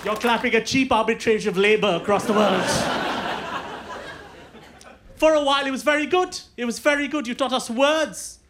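A man with an Indian English accent performing a stand-up set on stage in a deliberate, mock-formal way. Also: very high voice, over a noisy crowd, heavy background noise. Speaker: stand-up comedian. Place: comedy venue with a live audience. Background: audience laughter.

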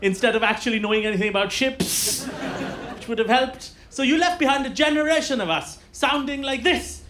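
A man with an Indian English accent performing a stand-up set on stage in a deliberate, mock-formal way. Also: extremely high pitch, noisy background. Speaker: stand-up comedian. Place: comedy venue with a live audience. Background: audience laughter.

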